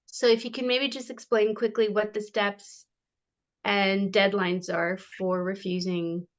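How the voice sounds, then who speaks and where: A woman reading audience questions at a webinar, brisk and friendly, and losing her voice. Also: mid-range voice, little pitch movement. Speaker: question reader.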